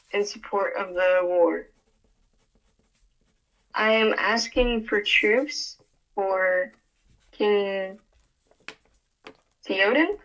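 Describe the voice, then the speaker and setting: Slow-speaking woman, dull lo-fi audio. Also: medium pitch, a bit bright. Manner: slow and unhurried, pausing to check notes. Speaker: player. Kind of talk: casual tabletop game play.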